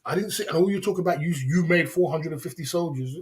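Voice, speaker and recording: Livestream host, man, mocking and insistent, a touch high in pitch. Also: quick pace. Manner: taunting, repetitive, laughs often. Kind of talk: livestream rant at chat.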